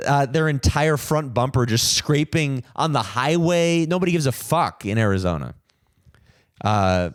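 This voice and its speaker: A man's voice: fairly low pitch, smooth, dry recording, clean studio sound. A young man hosting a solo podcast, rambling and self-deprecating, full of fillers and restarts. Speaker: podcast host.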